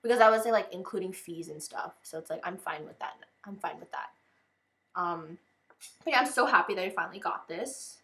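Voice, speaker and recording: A woman's voice: lowish voice, animated, fairly quick, creaky, fairly bright tone. A young woman vlogging in a casual unboxing chat, talking loosely and filling nearly every phrase with "like". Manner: chatty, fills with "like" constantly.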